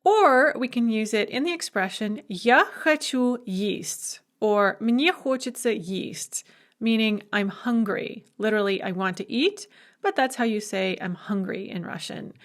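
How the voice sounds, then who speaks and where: A woman who is a language professor, giving a recorded video lecture with patient, measured explanations. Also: fairly high pitch, animated.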